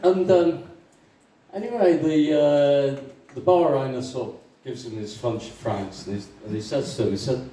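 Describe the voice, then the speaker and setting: A man doing open mic stand-up, telling jokes haltingly with many ums and chuckling at his own punchlines. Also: mid-range voice, mellow. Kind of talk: rambling stand-up joke telling. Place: small comedy club stage. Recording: echoey club room, distant mic, faint noise.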